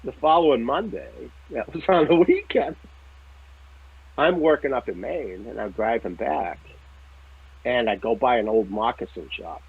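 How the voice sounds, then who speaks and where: A man, telling a story as a psychic medium in lively casual talk, swearing now and then and checking in with "right?". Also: medium pitch, unhurried, creaky, slightly rough. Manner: animated, swears casually, laughs often, repeats "right?" and "okay?". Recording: tinny phone-like line.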